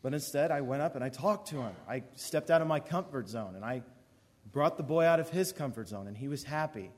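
Young male speaker, earnest storyteller, mid-pitched natural voice. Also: animated, brisk. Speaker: youth speaker. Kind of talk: personal story told to an audience.

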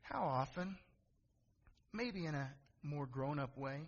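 A man's voice: on the high side, lively intonation, slow. A middle-aged male pastor preaching a sermon, telling a story with asides to the congregation and building to emphatic calls. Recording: echoey hall, dull lo-fi sound.

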